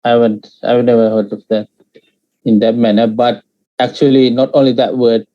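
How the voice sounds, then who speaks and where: A man teaching Pali in an online class, patiently explaining pronunciation and sounding out syllables with many pauses and fillers. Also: medium pitch, little pitch movement, highs cut off.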